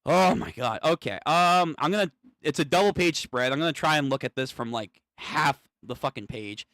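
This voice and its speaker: A man streaming a live manga reaction, thinking aloud, swearing and getting excited as he reads. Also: on the high side, normal speed, no echo, clean studio sound.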